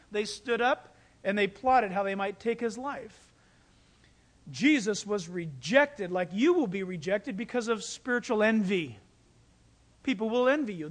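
A pastor preaching a sermon, telling stories with animated delivery and acting out quoted voices. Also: male voice, high-pitched. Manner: animated storytelling, acts out quotes.

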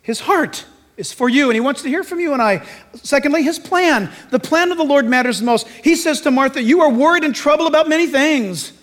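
A man's voice: very high voice, a little fast, big-room sound. A pastor preaching a sermon to his church, telling stories and acting out voices along the way. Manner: animated storytelling, acting out voices.

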